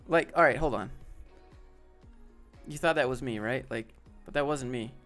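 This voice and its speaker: A man's voice: medium pitch, moderate pace, fairly bright tone, faint music behind. A man hosting a live stream, chatting casually with viewers and joking around. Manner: casual, joking, talks to chat by name. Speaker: host.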